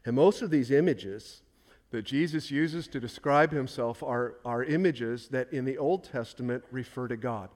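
Man, pastor preaching a sermon, emphatic, repeats phrases, mid-pitched voice. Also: moderate pace, a little mellow. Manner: asks questions and answers them himself.

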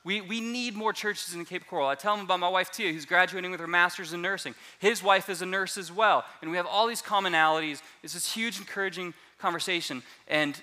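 Male pastor giving a sermon testimony; animated, a bit high-pitched, bright and forceful delivery. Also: fast talker, few pauses. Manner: animated storytelling, repeats words when restarting.

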